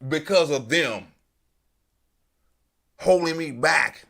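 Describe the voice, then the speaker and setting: A man's voice: a little high, animated, takes it slowly, gravelly, sharp tone. A man hosting a live stream, delivering an emphatic, profane, repetitive political commentary rant.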